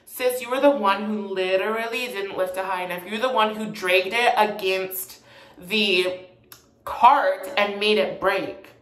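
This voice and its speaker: A young woman chats through a storytime vlog, sassy and gossipy, with plenty of fillers. Her mid-range voice has fairly even intonation, a slightly slow pace and a bit of brightness, and it bounces around an echoey room.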